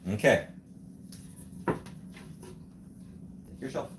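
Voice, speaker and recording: A middle-aged man from the United States speaks very slowly in a reverberant space. Co-hosting a noisy home livestream, he coaches his wife through a build step by step and teases her in casual chat.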